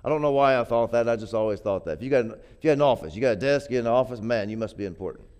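A man delivering a sermon in a smooth, resonant voice at an ordinary middle pitch. He talks to the congregation casually, stumbling and repeating words, then builds up to forceful, emphatic peaks. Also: very fast. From grew up poor. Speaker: preacher.

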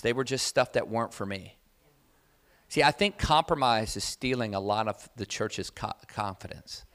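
A man preaching a sermon, telling a personal testimony in a conversational, animated way that builds to loud, emphatic preaching. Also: fairly low pitch, normal speed.

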